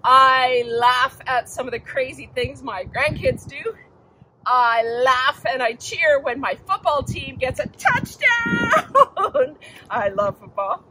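Older woman, children's message, gentle, chatty, asks kids questions, highish voice, sharp bright tone. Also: expressive, slow, slight background noise, low-quality recording. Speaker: church children's time speaker.

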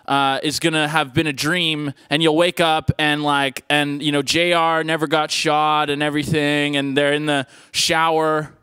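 A male host working a live spoken-word stage, joking and rambling playfully. His voice is bright and smooth and sits somewhat high. The sound is dry and close on the mic. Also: little pitch movement, normal speed, few pauses, no echo.

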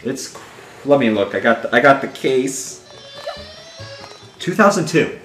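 A man's voice: medium pitch, a little slow. A man co-hosting a charity game stream, chatting casually and joking while the game plays. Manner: joking, animated, slips into silly voices. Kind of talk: casual gaming stream chat. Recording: echoey room with game music behind.

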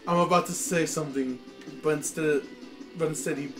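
A man's voice: on the high side, steady tone, fairly quick, a bit bright, rough recording. A man reading a fanfiction story aloud in a giggly, stumbling way, with music playing behind him. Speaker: fanfiction reader.

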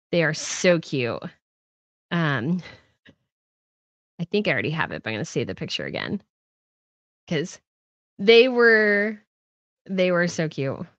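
A woman's voice: deep voice, fairly bright tone, dry recording, highs cut off. Chatty woman host reading chat. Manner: chatty, rambling, reads viewer comments aloud. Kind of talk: casual livestream chat.

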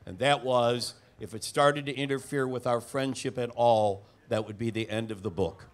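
A man's voice: medium pitch, steady tone, normal speed. A man interviewing the guest at a live event, talking in a hesitant way with many fillers. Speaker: interviewer and co-writer.

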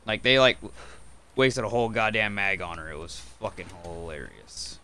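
A young man streaming a horror game, cursing constantly and swinging between loud outbursts and muttered asides. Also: lowish voice, lively intonation, normal speed, clear, resonant tone. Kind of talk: casual gameplay commentary.

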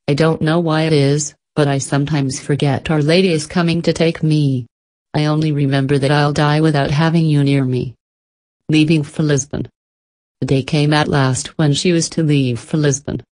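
Low-voiced woman reading an audiobook. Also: darkish tone. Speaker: audiobook narrator. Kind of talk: scripted narration.

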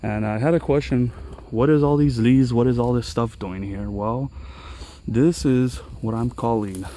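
A man's voice: mid-range voice, measured pace, dark tone, slight background noise. A man giving an enthusiastic, chatty outdoor tour of his pepper garden for viewers. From Los Angeles area. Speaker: gardening vlogger. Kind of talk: casual garden walkthrough vlog. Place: outdoors on a mountain trail garden.

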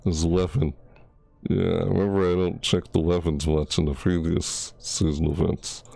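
Male gaming host, dark and dry-sounding, slow and excitable, gushes over new unlocks. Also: low-pitched, gravelly, no echo, faint music behind. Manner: excitable, gushing, yelps and gasps at new items; stumbles over names. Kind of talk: casual game showcase commentary.

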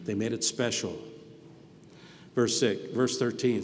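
A man giving a sermon as pastor, earnest, moving between quiet reflection and loud emphasis. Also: on the low side, a little slow, long pauses. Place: church hall. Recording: reverberant hall with faint background noise.

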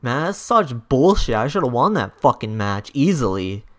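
A young man commentating his own online match, swearing and yelling in angry outbursts at his opponent. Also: mid-range voice, very animated, moderate pace. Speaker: gaming YouTuber. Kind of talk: live gameplay commentary.

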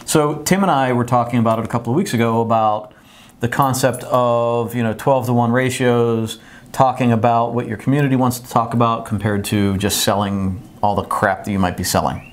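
A man's voice: medium pitch, steady tone, brisk. A man hosting a casual live-stream chat, talking animatedly and reading posts aloud with laughs. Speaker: host.

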